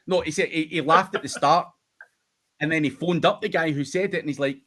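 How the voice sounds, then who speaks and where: A man's voice: fairly high pitch, a little fast, a bit bright. A Scottish man hosting a casual livestream Q&A, telling stories with lots of swearing and laughter. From United Kingdom. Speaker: host.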